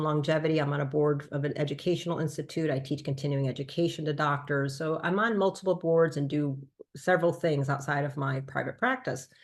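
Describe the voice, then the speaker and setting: A woman doctor telling a casual testimonial, animated and acting out her own past remarks. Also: on the low side. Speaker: doctor and consultant.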